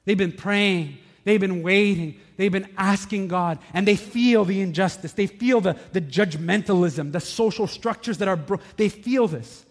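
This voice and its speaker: A man pastor delivers a sermon in a high voice. He moves from lively, shouted anecdotes to hushed, earnest points. The sound rings with the long reverb of a large hall. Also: normal speed, few pauses. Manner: animated storytelling, swings from shouting to hushed.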